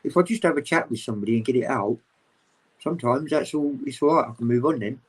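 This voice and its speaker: A man chatting casually as a guest on a livestream video call, rambling, open and animated. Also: medium pitch, fast, husky, low-quality recording. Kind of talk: casual chat.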